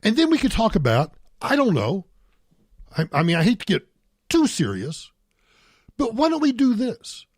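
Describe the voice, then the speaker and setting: A man's voice: high voice, wildly swooping pitch, moderate pace, long pauses, no echo, studio quality. An older man hosting a talk show, delivering an emphatic political monologue and repeating points for stress. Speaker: radio talk show host.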